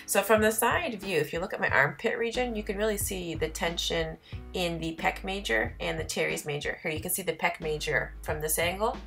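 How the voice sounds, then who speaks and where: Lower-voiced woman narrating a workout. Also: normal speed, vocal fry, fairly bright tone, faint music behind. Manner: instructional, explains muscles in detail. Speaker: fitness vlogger. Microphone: voice-over.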